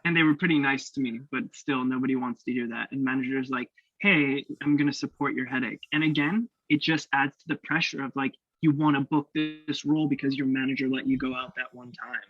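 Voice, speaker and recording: A young man from Canada, a guest actor telling stories in a casual interview, animated and laughing, acting out the voices he quotes. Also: mid-range voice, fairly quick, hardly any pauses, no echo. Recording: dull lo-fi dry sound.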